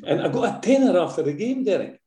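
A man's voice: sits high, very animated, quick pace, mellow, echoey room. An older man with a Scottish accent, a former footballer telling stories in a casual interview, full of fillers and tag questions.

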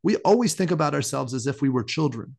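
A married man co-hosting a casual podcast chat, thinking aloud about scripture with many restarts and animated asides. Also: mid-range voice, fast, gravelly. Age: adult, married. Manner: rambling, self-interrupting, animated. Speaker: podcast co-host.

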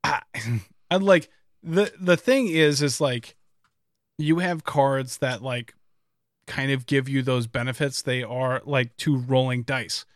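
A man co-hosting a casual podcast, rambling and animated, laughing and swearing as he talks. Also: medium pitch, slow, no room sound, clean studio sound. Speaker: podcast co-host. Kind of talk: casual chat.

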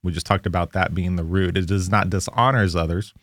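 A man teaches an informal devotional Bible lesson, explaining verses conversationally and restarting or correcting himself as he goes. His low-pitched voice is fairly even in intonation, fairly quick, and a bit bright, captured in studio quality with no echo.

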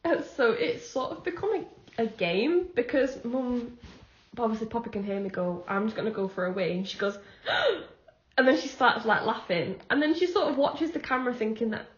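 In an echoey room with dull lo-fi sound, a young woman co-hosts a podcast in casual chat. Her voice is on the high side at a normal speed, and she's a chatty storyteller who acts out the dialogue in her anecdotes and laughs often.

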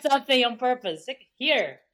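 A woman co-hosting a podcast, reacting to a friend's story with quick jokes, laughs and short questions. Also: high-pitched, expressive, fairly bright tone. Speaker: podcast co-host. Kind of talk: casual chat.

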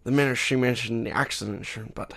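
Man doing a gravelly hard-boiled noir narrator. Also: medium pitch, fairly even intonation, fast talker, fairly bright tone. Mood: brooding. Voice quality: gravelly, spoken through the teeth, mock-theatrical. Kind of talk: film noir voiceover impression.

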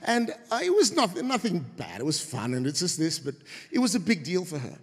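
Animated man preaching in a reverberant hall. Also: fairly quick, slightly rough. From of Indian heritage. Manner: animated, acts out quoted voices in a high shout. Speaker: guest preacher. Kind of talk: humorous sermon with storytelling. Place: church auditorium.

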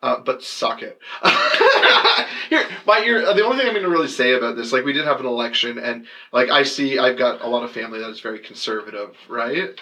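Podcast host and comedian, man: casual, filler-heavy, wry, bright tone. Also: mid-range voice, very animated, a little fast, few pauses, a little hiss or hum. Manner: joking, loose, filler-heavy. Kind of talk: casual chat.

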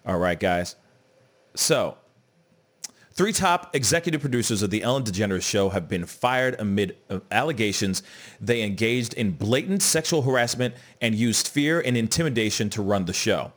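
A man hosting a casual podcast, talking in a loose, animated way, peppered with "you know what I'm saying" and "bruh". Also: on the low side, moderate pace. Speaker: podcast host. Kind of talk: casual chat.

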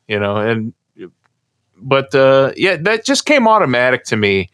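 A man's voice: mid-range voice, big pitch swings, a little slow, a bit bright, no echo, studio quality. Rambling American man telling a story. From United States. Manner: rambling storyteller, many restarts. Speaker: co-host. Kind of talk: casual podcast chat.

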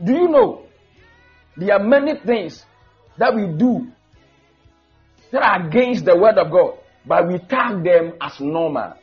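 A man preaching a fiery sermon, shouting and drawing out emphatic Bible quotes. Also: high voice, lively intonation, unhurried, pauses often. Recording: dull lo-fi church recording with faint music.

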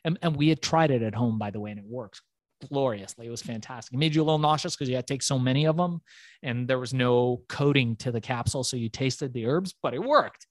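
A middle-aged interview guest tells his story in a mid-range voice, talking fast and acting out dialogue with lots of animation. He swears freely, and the recording is dry.

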